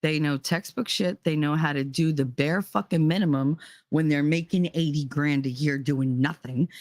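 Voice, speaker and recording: A woman's voice: deep voice, normal speed, a little mellow, dry recording, studio quality. A woman with a New Jersey accent giving a blunt, profane, fiery rant to her viewers. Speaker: vlogger. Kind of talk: ranting monologue.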